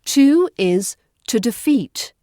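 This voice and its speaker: British RP accent coach, woman, unhurried and precise delivery, dry close sound. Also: fairly high pitch, dry recording. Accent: Southern British RP. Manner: calm, precise, with slow model words. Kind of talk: pronunciation lesson.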